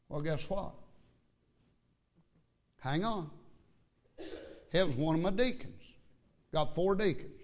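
A man's voice: a little high, slow pace, pauses often, dull audio. A man pastor telling a story in a sermon, folksy and repetitive with stammering restarts. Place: church.

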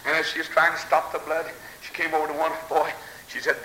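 A man preaching a fiery revival sermon. He moves from hushed storytelling to shouted exclamations. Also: fairly high pitch, little pitch movement, brisk. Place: church hall. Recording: echoey hall with faint tape hiss.

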